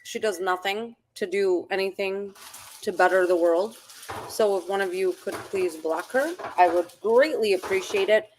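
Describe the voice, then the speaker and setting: A woman's voice: medium pitch, normal speed, a little hiss or hum. A woman chatting on a casual livestream at home, blunt and profane in her talk.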